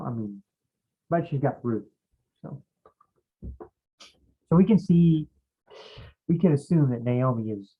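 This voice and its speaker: A man's voice: mid-range voice, breathy edge. A man leading a casual Bible study who thinks aloud, rambles and stops to search for names as he goes. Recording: muffled phone-like audio.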